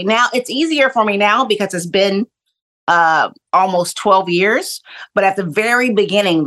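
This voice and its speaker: A middle-aged woman, a kindness coach, tells a personal story in an animated way, acting out the voices she quotes. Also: fairly low pitch. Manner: animated, acts out quoted voices, laughs often.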